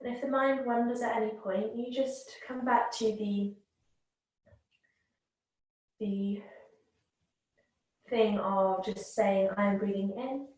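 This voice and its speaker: Calm woman guiding yoga breathing. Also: fairly high pitch. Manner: calm, gentle, unhurried guidance. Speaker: yoga teacher. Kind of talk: guided yoga and breathing instruction. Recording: very echoey room, voice from a distance.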